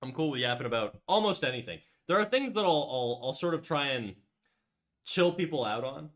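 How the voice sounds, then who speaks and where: A man's voice: a little high, lively intonation, a little fast, fairly bright tone. A man hosting a casual livestream while drawing. He rambles and restarts, says "like" often, swears freely, and reads out and answers chat messages. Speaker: livestream host.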